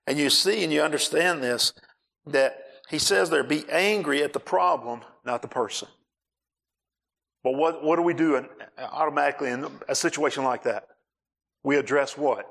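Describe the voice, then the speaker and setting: A male pastor preaching a sermon on marriage, animated, acting out scenes and raising his voice for emphasis. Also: medium pitch, normal speed.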